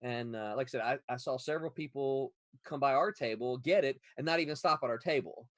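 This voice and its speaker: A man from Florida co-hosting a casual podcast chat, telling stories in a rambling, animated way full of restarts. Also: mid-range voice, fairly quick. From Florida, USA. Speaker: podcast co-host.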